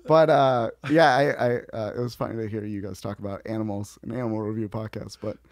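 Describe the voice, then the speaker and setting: A man's voice: lowish voice, fairly even intonation, fairly quick, dry recording, studio quality. A man chatting as a podcast guest, easygoing and chuckling between remarks. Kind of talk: casual comedy podcast chat.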